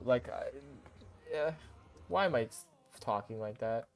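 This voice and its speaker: A young man streaming a game, talking casually in a goofy, excitable, rambling way full of slang. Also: mid-range voice, a little slow. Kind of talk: casual live-stream commentary.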